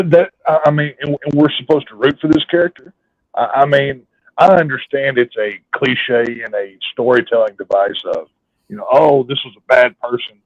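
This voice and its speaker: A man's voice: medium pitch, no room sound, dull audio. A man hosting a casual film discussion, blunt and restarting his words as he talks. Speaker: podcast host.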